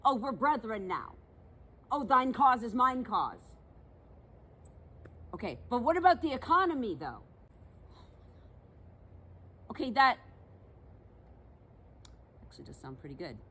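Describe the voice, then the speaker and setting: A woman's voice: fairly high pitch, very animated, measured pace, long pauses, fairly bright tone, breathy edge, exaggerated voice. A woman playing a huffy, bossy milkmaid turned fae. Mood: indignant. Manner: mock-archaic, huffy and self-important. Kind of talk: one-sided comedic sketch.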